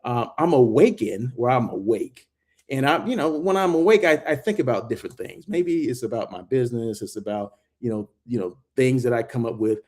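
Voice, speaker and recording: Man, mid-pitch, walk-and-talk vlogger, chatty and excitable, many asides. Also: fairly quick. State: out of breath while walking. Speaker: hotel industry vlogger. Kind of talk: casual vlog walkthrough and talk. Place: hotel grounds, indoors and out.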